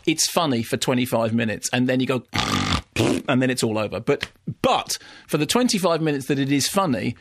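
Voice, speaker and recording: A man's voice: mid-range voice, expressive, fairly quick, hardly any pauses, no room sound. Male radio film critic, theatrical and ranting, dry close studio sound. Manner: ranting, theatrical, comic impressions. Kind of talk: animated radio film review.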